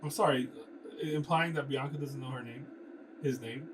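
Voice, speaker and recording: A man's voice: medium pitch, normal speed. A man casually reading a novel aloud, breaking off for sarcastic asides about the writing. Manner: sarcastic asides, mocking the text. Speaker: reader. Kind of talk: casual book reading with commentary. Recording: distant mic with background noise.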